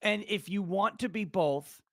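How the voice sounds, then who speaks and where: A man's voice: high voice, a little slow, a bit bright, dry recording, clean studio sound. A male podcast host making emphatic, questioning arguments in casual political talk. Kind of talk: casual political commentary chat.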